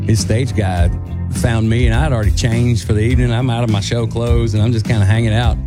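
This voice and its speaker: Man telling a story over music. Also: fast. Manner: animated, acts out quotes in a higher voice. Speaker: country singer, guest co-host. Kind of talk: casual storytelling.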